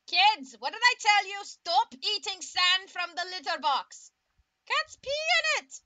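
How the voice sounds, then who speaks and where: A woman voicing a boisterous one-eyed demolitions dad, loud and high, scolding his kids while secretly proud of their mischief. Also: sing-song, measured pace, heavily acted.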